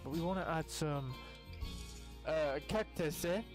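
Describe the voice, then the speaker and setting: Excitable young gaming commentator. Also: male voice, unhurried, over music. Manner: excitable, swears casually, bursts into high exclamations. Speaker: gaming youtuber. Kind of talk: casual gameplay commentary.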